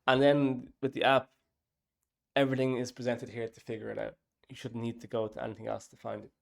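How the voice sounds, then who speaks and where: A man's voice: medium pitch, flat delivery, brisk, vocal fry. A man, casually talking through his app's design and thinking aloud with lots of fillers. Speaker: app developer. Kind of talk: casual dev log talk.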